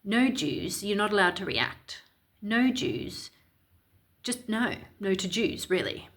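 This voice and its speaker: A woman's voice: mid-range voice, animated, takes it slowly, a bit bright. A woman from Ireland giving opinionated, sarcastic and indignant commentary in a vlog. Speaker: commentary vlogger.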